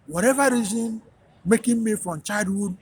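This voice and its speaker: A man's voice: high-pitched, normal speed, slight background noise. A man, a radio host, telling a personal story in an emphatic, repetitive, preacher-like monologue.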